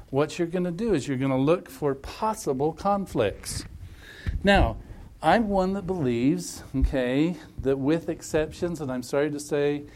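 A man leading a family workshop, coaching a couple in front of a group through animated, emphatic hypothetical scenarios. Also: a little high, slight background noise. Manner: repetitive, emphatic phrasing.

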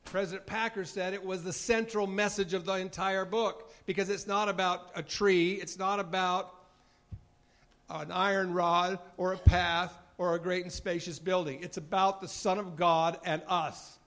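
A man's voice: high voice, flat delivery, moderate pace, a bit bright. A man giving an earnest sermon, bearing testimony and acting out short dialogues from his time as a mission president, at moments choked up with emotion. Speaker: former mission president giving a devotional talk.

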